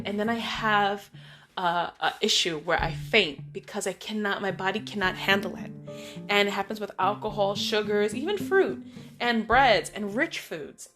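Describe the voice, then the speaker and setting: A middle-aged woman hosting a vlog, telling personal stories in a casual, animated way and acting out other people's lines. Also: mid-range voice. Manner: animated, acts out friends' voices and lines. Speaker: vlog host. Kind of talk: casual storytelling monologue. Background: music.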